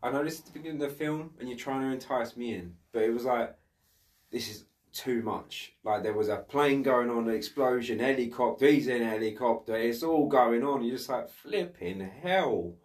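A man co-hosting a casual film review podcast, chatty and quick to exclaim. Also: medium pitch, a little mellow, distant mic. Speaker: podcast co-host.

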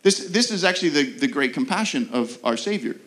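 A man preaching a sermon as pastor, earnest, with rhetorical questions and quick repeated restarts. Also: a little high, animated, fairly bright tone.

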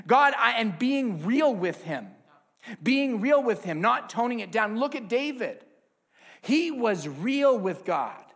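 A man preaching a sermon with an object lesson, swinging between hushed asides and loud emphasis. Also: sits high, very animated, takes it slowly.

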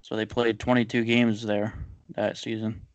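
A man's voice: lowish voice, little pitch movement, moderate pace, no room sound, lo-fi sound. Easygoing man sharing sports trivia. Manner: easygoing, shares trivia with fillers. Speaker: podcast co-host. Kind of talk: casual chat.

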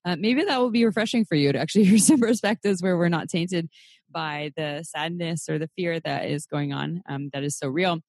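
A young adult woman hosting a podcast in casual chat, animated and cursing, her pitch jumping sharply. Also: no room sound, studio quality. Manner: animated, swearing, quick pitch jumps. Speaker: podcast host.

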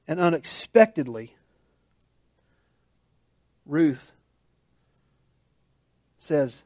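A male pastor preaching earnestly in a conversational tone, with frequent restarts. His voice sits high for a man. The recording is dry and close, with no room sound. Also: unhurried, dry recording. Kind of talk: sermon.

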